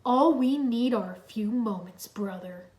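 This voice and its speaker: A woman's voice: mid-range voice, darkish tone, far from the mic, lightly acted. A woman doing a sneering villain man. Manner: mocking, drawn-out sneer. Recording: roomy echo.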